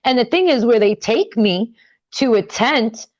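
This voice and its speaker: A young woman telling a personal story in an interview, talking casually with many fillers and getting animated and higher when upset. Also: unhurried, no room sound, muffled recording. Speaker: interview guest.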